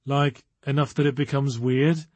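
A man's voice: mid-range voice, fairly even intonation, moderate pace, a little mellow, no echo, lightly acted. A man voicing a nervous, awkward teenage schoolgirl who rambles in a quivering way. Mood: distracted.

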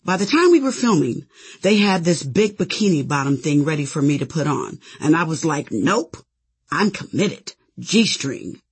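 A woman's voice: low voice, expressive, brisk, darkish tone, slightly rough. A woman narrating her own memoir with sassy, conversational storytelling. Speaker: author and narrator.

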